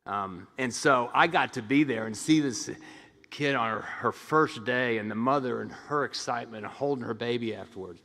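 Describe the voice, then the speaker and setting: A man's voice: medium pitch, moderate pace, vocal fry. Storytelling man in a reverberant hall. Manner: animated storyteller who acts out quoted voices, frequent restarts. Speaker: commencement speaker, hospital administrator. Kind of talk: storytelling commencement speech. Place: large ceremony hall. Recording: long reverb of a large hall.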